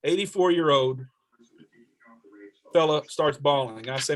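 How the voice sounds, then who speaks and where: Guy on a zoom call, state rep type, telling stories all earnest, stumbles and restarts a lot, voice a bit on the high side. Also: unhurried, pauses often. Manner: earnest storytelling with many restarts. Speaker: state representative. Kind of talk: answering questions on a video call. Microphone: video call.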